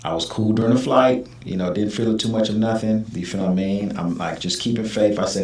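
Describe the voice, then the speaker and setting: Interview guest, male, low voice, animated storyteller; roomy off-mic sound. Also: brisk, hardly any pauses. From Southern California. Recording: echoey room, mic at a distance.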